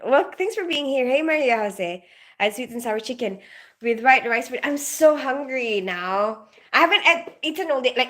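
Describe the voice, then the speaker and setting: A woman's voice: medium pitch, a bit bright. A woman chatting casually on a livestream, giggling often and greeting viewers as she goes. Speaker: nurse livestreamer.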